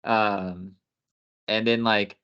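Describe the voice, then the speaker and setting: A man's voice: fairly low pitch, steady tone, drawn-out words, fairly bright tone, clean tone, lo-fi sound. A man co-hosting a podcast, ranting bluntly with lots of cursing in casual chat. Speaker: podcast co-host.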